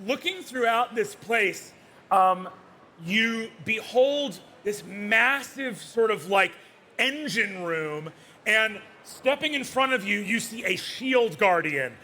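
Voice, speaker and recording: A man narrating as dungeon master at a live tabletop game, relaxed and full of fillers. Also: high voice, slow, slight background noise.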